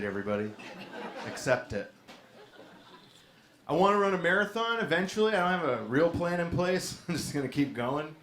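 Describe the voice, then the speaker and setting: A man doing a stand-up set in a comedy club, with a low-key, deadpan delivery. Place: comedy club stage with a laughing audience. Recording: echoey club with audience noise.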